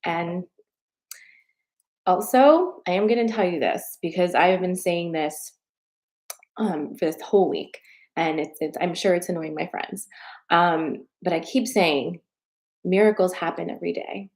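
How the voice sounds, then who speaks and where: A woman's voice: fairly low pitch, measured pace, pauses often, a little mellow. A young woman hosting a live tarot stream, talking casually and emotionally with viewers, tearful at times, swearing and laughing as she goes. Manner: emotional, chatty, swears, laughs through tears.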